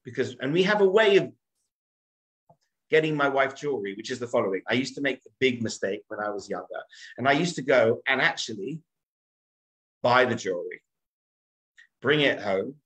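A man's voice: mid-range voice, animated, moderate pace, long pauses, fairly bright tone, rough recording. An English man in his forties, a rabbi giving a humorous storytelling lesson in a chatty, self-mocking way. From England.

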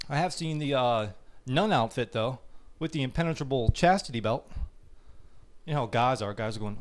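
A man's voice: medium pitch, moderate pace. A young man performing a stand-up comedy routine, brash and mocking, acting out the voices of the people in his stories.

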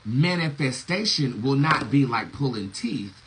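A man giving a casual, profane preaching monologue as a tarot reader and spiritual teacher, emphatic and quick to laugh. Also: medium pitch, lively intonation, background noise.

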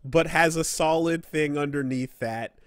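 A man's voice: a little high, unhurried, no echo, studio quality. A man co-hosting a casual gaming podcast, rambling and swearing as he acts out quoted characters. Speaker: podcast co-host.

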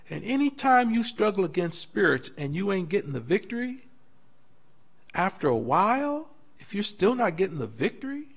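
Man preaching a bible class, high voice, gravelly, animated storyteller who acts out voices. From United States. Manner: acts out quoted voices in dialogue. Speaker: pastor teaching Bible class. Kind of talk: sermon-style Bible teaching.

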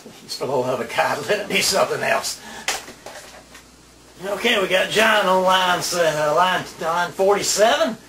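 A man's voice: sits high, animated, a little slow, echoey room, distant mic, crowd noise. A man playing a radio DJ in a comedy sketch, grumbling, exasperated and sarcastic.

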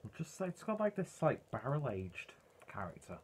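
A man's voice: medium pitch, big pitch swings, moderate pace, darkish tone, a little hiss or hum. A man reviewing a beer in a casual, rambling way, full of ums and uhs.

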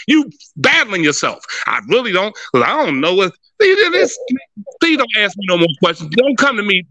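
Profane, high-pitched animated man ranting. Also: dry recording. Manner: profane, emphatic, animated rant. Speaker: podcast co-host. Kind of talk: heated casual talk.

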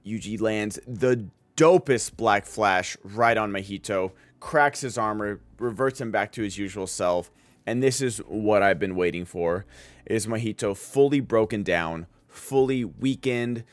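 Enthusiastic low-voiced man rambling. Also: measured pace, no room sound. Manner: enthusiastic, rambling, many fillers. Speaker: streamer. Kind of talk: casual chat.

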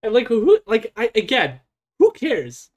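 A chatty streamer reacting to a clip, rambling along with plenty of fillers. The voice swings lively up and down around a middle pitch. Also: unhurried, muffled recording. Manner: rambling, chatty, laughs often. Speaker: stream host. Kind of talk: casual reaction chat.

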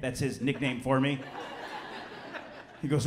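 A man in his thirties from Chicago doing a stand-up comedy set, telling a story with lively acted-out voices and shouted punchlines. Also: medium pitch, normal speed, pauses often, reverberant, slight background noise. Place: theater stage before a live audience.

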